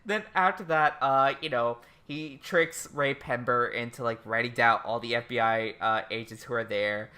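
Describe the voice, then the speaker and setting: A man co-hosting a podcast in casual chat, talking excitedly, swearing freely and acting out quotes in animated voices. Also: mid-range voice, moderate pace, few pauses. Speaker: podcast co-host.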